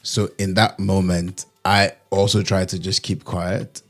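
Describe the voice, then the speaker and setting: A man's voice: sits low, level tone, measured pace. A man co-hosting a casual podcast with his wife, breaking in with teasing, laid-back remarks. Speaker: podcast co-host. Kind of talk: casual chat.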